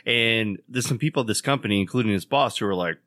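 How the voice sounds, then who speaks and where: A man's voice: fast, a bit bright, dry recording, clean studio sound. A man co-hosting a podcast, telling a long joke in a rambling casual way and acting out the characters. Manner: rambling storyteller, acts out the characters with jumps in pitch. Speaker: podcast co-host.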